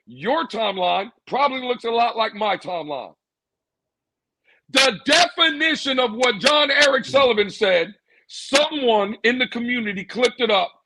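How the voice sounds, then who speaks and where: A man's voice: very high-pitched, lively intonation, moderate pace, pushed and bright, poor audio. A man ranting sarcastically as a sports podcast co-host, repeating lines for emphasis. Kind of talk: heated sports commentary.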